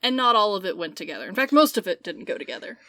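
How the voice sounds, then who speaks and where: Animated young woman, podcast co-host. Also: mid-range voice, dry recording, studio quality. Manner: animated, quick bursts, laughs. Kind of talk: casual chat.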